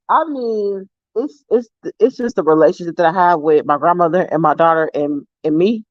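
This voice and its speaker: A woman vlogger casually telling family stories to her viewers, animated and swearing freely. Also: on the low side, moderate pace, hardly any pauses, no echo, dull audio.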